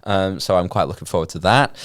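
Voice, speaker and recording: A young man with a cold and a stuffy nose rambles through casual chat as a podcast co-host who also gigs as a musician, full of ums and frequent laughs. He has a deep, slightly bright voice and talks fast. The recording is dry and studio quality.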